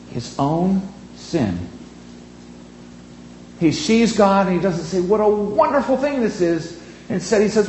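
Emphatic preacher in an echoey room. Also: male voice, sits high, expressive, a little mellow, a little hiss or hum. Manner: earnest, emphatic, with dramatic pauses on key words. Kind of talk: sermon.

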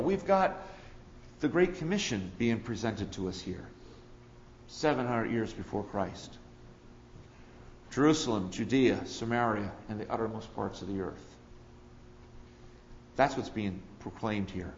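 A man preaching an expository sermon, rising on key words and then dropping low. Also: animated, unhurried, long pauses, lo-fi sound. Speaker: pastor.

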